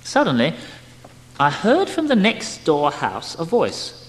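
A man giving an expressive, emotional dramatic reading of a spiritual memoir, his loudness swinging widely. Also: fairly high pitch, slow. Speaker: reader. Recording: long hall reverb.

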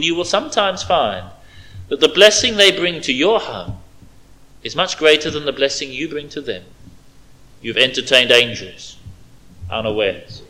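A man preaching an expository sermon, stressing key words and dropping to quiet asides. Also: a little high, low-quality recording.

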